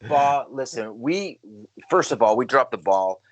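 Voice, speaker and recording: A man co-hosting a casual sports podcast, hyped and loud on the intros. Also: medium pitch, animated, a little slow, muffled recording. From Canada. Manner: hyped, shouty announcer-style intros. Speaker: podcast co-host.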